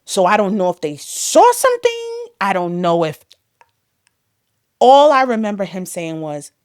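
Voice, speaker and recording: A woman as an interview guest, telling a personal testimony with emotion, her voice swinging between loud and hushed. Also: medium pitch, big pitch swings, unhurried, no echo, clean studio sound.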